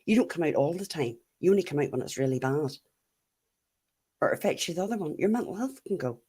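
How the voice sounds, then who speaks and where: A woman's voice: sits low, animated, quick pace, dark tone, slightly rough. A middle-aged Irish woman chatting casually as she answers live comments, blunt and laughing often. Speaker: YouTube livestream host.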